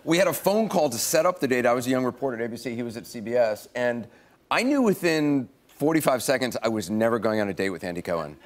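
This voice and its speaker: A man's voice: medium pitch, lively intonation, fast talker. A middle-aged man, a guest on a late-night talk show, telling funny stories in a dry, wry way.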